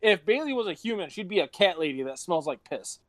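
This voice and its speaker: High-voiced rambling young man. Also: sing-song, fairly quick, no room sound. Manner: rambling, swearing, laughing storyteller. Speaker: podcast host. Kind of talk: casual podcast chat.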